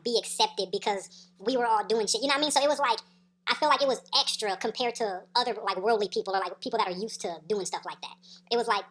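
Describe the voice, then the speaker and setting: A woman's voice: medium pitch, fairly bright tone. A woman telling a story in a casual, slangy, profane way, laughing as she goes. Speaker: storyteller vlogger.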